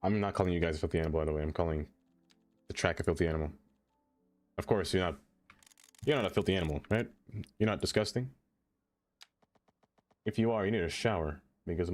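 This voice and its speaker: A man's voice: sits low, a little fast, pauses often, a little mellow, soft background music. A man streaming a city-building game, chatting casually with viewers in a playful, teasing way. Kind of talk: casual live-stream chat.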